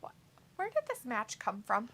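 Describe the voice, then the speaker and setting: A woman with a bright, fairly high voice co-hosts a casual live stream. She chats loosely and reads viewer comments aloud with a joking edge. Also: wildly swooping pitch, normal speed. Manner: reads chat messages aloud, jokey and chatty. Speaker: watch-along co-host.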